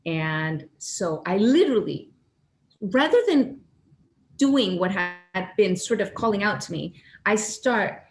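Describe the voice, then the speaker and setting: A woman telling a personal spiritual story in an earnest, animated way, acting out her own inner voices. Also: medium pitch, normal speed, slight background noise. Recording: echoey room with faint ambience.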